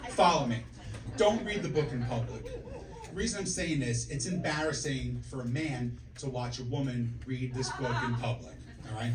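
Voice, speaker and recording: A man's voice: a little high, noisy background. A man in his forties doing a brash, profane stand-up comedy set, telling punchy stories to the audience on a comedy club stage. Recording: echoey club from a distance, audience laughter. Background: audience laughing.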